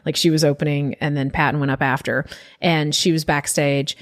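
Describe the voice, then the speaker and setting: Animated woman comedian. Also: deep voice, fairly quick. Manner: animated, swearing, acts out quoted voices. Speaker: guest comedian. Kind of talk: casual storytelling.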